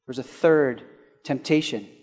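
A male pastor preaching a sermon, asking rhetorical questions and swinging between loud and hushed. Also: medium pitch, a little slow, in a large hall.

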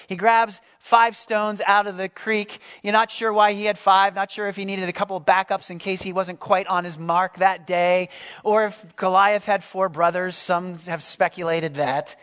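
Speaking at a moderate pace in a high male voice, a pastor reads from scripture and unpacks it during his sermon. His style is easygoing and conversational, with asides along the way.

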